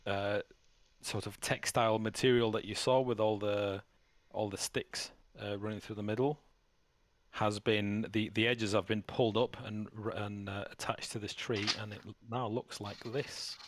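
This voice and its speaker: A man narrating as game master of a tabletop game, halting and restarting as he describes the scene. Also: steady tone, no echo. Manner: halting, with many restarts, voices characters in a higher pitch.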